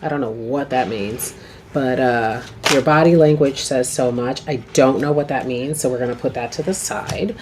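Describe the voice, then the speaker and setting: Her voice is a rumbling low at a normal speed as she does a rambling, casual tarot reading to camera, frequently asking "okay." The home video recording has a lot of noise.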